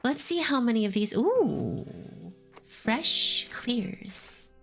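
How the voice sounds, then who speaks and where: A woman with a high voice gives live commentary on a game she is playing. She chats and laughs freely and often reads the characters' lines aloud in playful put-on voices. Faint music plays behind her. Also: big pitch swings, drawn-out words, fairly bright tone. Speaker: streamer.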